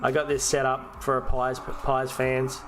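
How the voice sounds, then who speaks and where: A man's voice: mid-range voice, completely flat delivery, a little slow. An Australian man hosting a fantasy football live stream, chatting casually and ranting and swearing, with frequent restarts.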